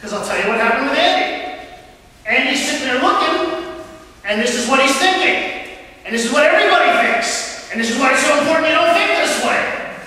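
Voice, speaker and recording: Animated man preaching in an echoey hall. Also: very high voice, a little fast. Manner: animated storytelling to a congregation. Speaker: pastor. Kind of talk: sermon. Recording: echoey hall, mic at a distance.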